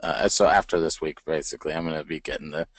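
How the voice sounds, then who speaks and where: A young man with a very low voice talks through his daily routine to a coach. He is halting and earnest, leaning on fillers and restarts. The sound is dry and close, with no room around it. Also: fairly even intonation, no room sound. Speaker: inside sales agent. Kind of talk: casual call with a coach.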